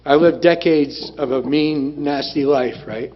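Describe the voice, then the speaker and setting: A man's voice: on the high side, slow. A man sharing his recovery story at a group meeting, plain-spoken and blunt, repeating phrases for emphasis. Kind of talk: personal testimony talk. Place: meeting room. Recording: dull lo-fi room recording with faint noise.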